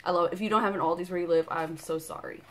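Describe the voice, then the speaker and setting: A woman in her thirties with a slightly low voice talks through an unboxing in a loose, bubbly way. She piles on "like" and "um" as she goes, sounding chatty and unscripted. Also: steady tone, fast. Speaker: vlogger. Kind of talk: casual unboxing chat.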